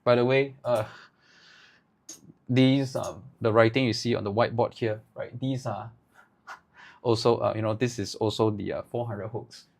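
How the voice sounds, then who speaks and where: A man teaching ad writing live, thinking aloud in halting bursts and tagging his points with "right?". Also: medium pitch, fairly even intonation, vocal fry, a little mellow. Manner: halting, with many restarts. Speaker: agency owner teaching ad writing.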